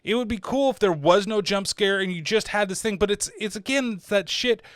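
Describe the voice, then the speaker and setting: A man hosting a horror podcast, giving a casual film review, animated, laughing often and swearing casually. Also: sits high, brisk, no echo, clean studio sound.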